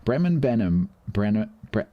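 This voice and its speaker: Deep-voiced playful male game streamer. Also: sing-song, normal speed, phone-quality sound, slight background noise. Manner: playful, chatty, self-mocking. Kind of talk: casual gaming stream commentary.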